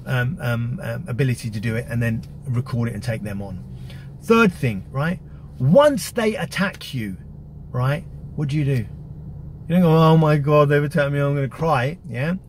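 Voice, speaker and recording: A man's voice: on the high side, a little hiss or hum. A man talking casually and emphatically, giving advice. He often repeats words and checks in with "yeah?" and "right?". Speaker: activist giving media advice. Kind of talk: casual instructional talk.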